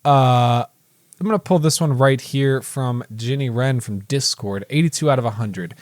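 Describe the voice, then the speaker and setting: A man co-hosting a movie podcast in casual chat, chatty and quick to laugh. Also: mid-range voice, no room sound, clean studio sound. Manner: chatty, reads reviews aloud, laughs easily. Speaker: podcast co-host.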